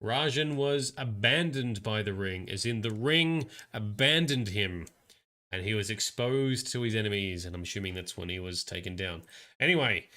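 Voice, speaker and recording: A man's voice: medium pitch, bright, forceful tone. A man giving casual live gameplay commentary as a streamer, chatting and reading lore text aloud.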